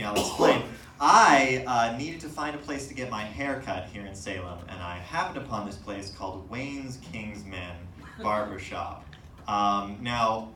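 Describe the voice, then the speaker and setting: A young man doing stand-up comedy on a stage, telling self-mocking stories in an animated, laughing way. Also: medium pitch, a little hiss or hum. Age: young adult. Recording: echoey room from a distant mic.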